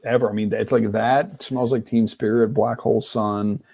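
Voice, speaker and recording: Mellow-voiced man in casual film chat. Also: lowish voice, fairly even intonation, moderate pace, creaky, dry recording, studio quality. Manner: rambling, thinks aloud with fillers. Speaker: podcast co-host.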